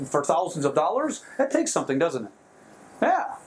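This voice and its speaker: A man leading a motivational seminar in front of a live audience, excitable and quick to laugh at his own jokes. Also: on the high side, low-quality recording. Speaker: seminar trainer.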